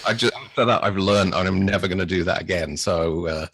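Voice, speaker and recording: Low, husky British man telling stories. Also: brisk, no room sound. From Britain. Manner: animated storyteller, acts out his own excitement. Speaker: podcast guest. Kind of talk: casual storytelling chat.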